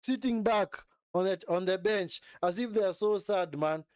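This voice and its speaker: A man's voice: sits high, moderate pace, darkish tone, clear, resonant tone, no echo, studio quality. A young man hosting a live football watch-along, mocking and scolding the players in a long rant. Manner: mimics players in whiny put-on voices.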